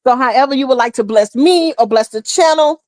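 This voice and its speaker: A woman's voice: high-pitched, fairly quick, no echo. Chatty woman hosting a live stream. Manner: chatty, calls viewers honey and boo. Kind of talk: casual live chat greeting viewers.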